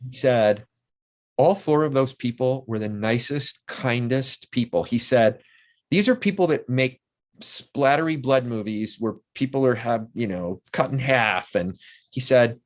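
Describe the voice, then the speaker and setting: An older man, a guest in a casual interview, telling long, enthusiastic anecdotes full of restarts. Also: medium pitch.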